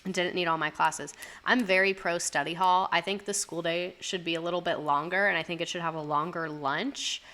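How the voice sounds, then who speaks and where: A woman's voice: fairly low pitch, steady tone, fairly quick, bright, forceful tone. A young woman reading out viewers' school stories in a chatty, rambling way with lots of asides. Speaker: host reading submitted stories. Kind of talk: casual commentary on reader stories.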